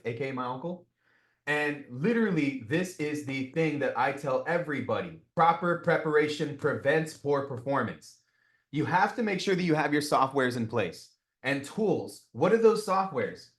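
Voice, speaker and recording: A man in his thirties coaching a live group on real estate cold calling, energetic and talking with his hands, often checking in with "right?". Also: on the high side.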